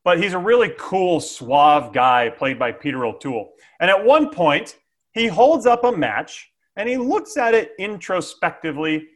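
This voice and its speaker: Sales coach, male, slightly high pitch, animated and playful, frequent "okay?". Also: a little slow. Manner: lively, jokey, with frequent "okay?" check-ins. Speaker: sales trainer. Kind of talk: instructional sales talk.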